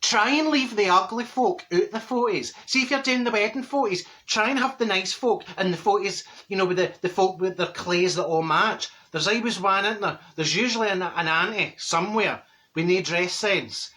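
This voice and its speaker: Man in drag as a Glaswegian gossip, middle-aged, blunt and chatty, bright forceful voice, comic monologue. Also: sits high, moderate pace. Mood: gossipy. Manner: chatty, blunt, laughs at own stories. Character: straight-talking gossipy middle-aged Glasgow woman. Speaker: comic character.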